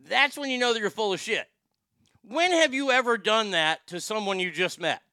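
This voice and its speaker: A man's voice: high-pitched, lively intonation, moderate pace, pushed and bright, smooth, no room sound. A man hosting a show and delivering heated, sarcastic ranting commentary that is full of profanity. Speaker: show host.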